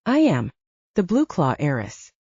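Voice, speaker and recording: A woman's voice: huge pitch swings, a little slow, warm tone, slightly rough, no echo, exaggerated voice. Woman playing a haughty drawling heiress. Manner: low disaffected drawl. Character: entitled young pregnant heiress, bored and haughty. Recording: dull lo-fi audio.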